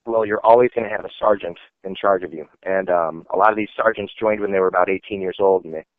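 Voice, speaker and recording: A man's voice: deep voice, steady tone, fast talker, no room sound. A man, an army veteran, telling stories in a casual, rambling way full of "like" and "you know". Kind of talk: casual storytelling. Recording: tinny phone-like dry sound.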